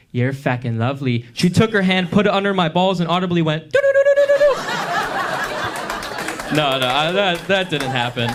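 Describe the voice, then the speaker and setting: A young man in his twenties doing a stand-up comedy set on a club stage, telling stories with pauses before the punchlines. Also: sits high, heavy background noise.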